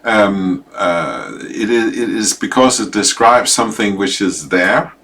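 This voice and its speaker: Slow, hesitant male lecturer. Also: fairly low pitch. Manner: hesitant, with many fillers and restarts; animated, acting out examples. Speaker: teacher.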